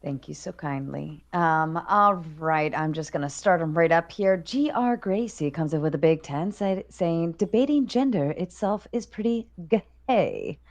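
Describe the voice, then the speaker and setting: Low-voiced woman reading chat messages. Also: lively intonation, a little slow, hardly any pauses. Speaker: moderator reading super chats. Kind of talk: reading viewer messages on a stream.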